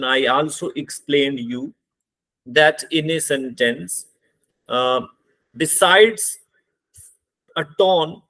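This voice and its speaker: Man, Indian English accent, teacher, lecture, slow and deliberate, a bit high-pitched. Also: a bit bright. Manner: slow and deliberate, listing terms one by one. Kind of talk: spoken grammar lecture.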